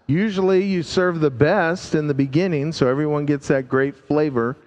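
A man preaching a sermon, slow and emphatic, drawing out key words and dropping his voice low to stress them. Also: darkish tone, in a large hall.

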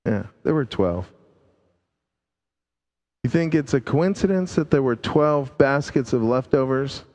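A man preaching a sermon, slow and emphatic, drawing out key words and dropping his voice low to stress them. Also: expressive, a little mellow, big-room sound.

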